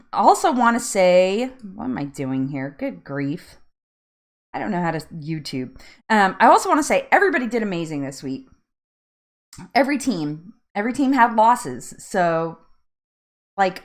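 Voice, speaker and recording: A woman from New Jersey hosting a casual live chat from home, chatty, laughing often and drifting off on tangents. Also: mid-range voice. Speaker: live stream host.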